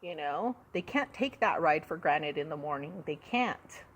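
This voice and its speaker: A woman's voice: low-pitched, expressive, unhurried, slightly rough. A woman hosting a casual chat about parenting, telling stories bluntly, with frequent laughter and salty language. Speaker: host, mother.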